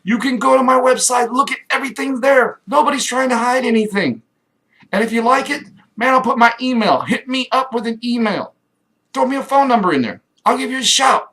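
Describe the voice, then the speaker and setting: A middle-aged man from Kansas in a rambling, enthusiastic direct-to-camera pitch, acting out little quoted voices. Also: animated, a little fast, sharp tone. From Kansas, USA. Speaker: home business promoter.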